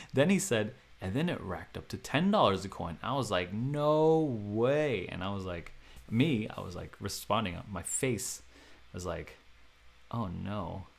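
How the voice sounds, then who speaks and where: A man hosting a vlog who tells a story in an animated way. He acts out the quoted dialogue with big jumps in pitch and loudness, and he laughs often and mocks himself. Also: creaky. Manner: self-mocking, laughs often. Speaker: crypto video host.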